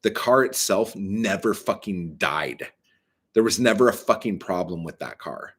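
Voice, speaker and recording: Husky, low-voiced man ranting casually. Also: lively intonation, unhurried. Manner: profane, rambling and frustrated; many fillers and self-corrections. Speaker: live streamer. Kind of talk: casual live-stream rant.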